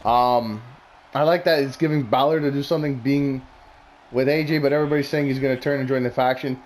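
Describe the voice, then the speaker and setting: A man's voice: mid-range voice, steady tone, fairly quick. A man talking casually and bluntly, rambling through opinionated predictions with plenty of swearing. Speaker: wrestling commentary vlogger.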